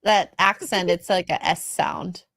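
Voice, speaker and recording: A woman's voice: lowish voice, steady tone, a little slow, a bit bright, no room sound. A woman co-hosting a casual chat, playful and laughing often as she tries out French dish names. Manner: playful, laughs a lot, hams up French menu words. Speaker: podcast co-host.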